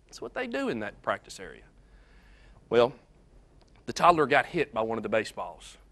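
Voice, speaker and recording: A man preaching a sermon, telling a story earnestly and swinging between loud and soft passages. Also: mid-range voice, wildly swooping pitch, normal speed.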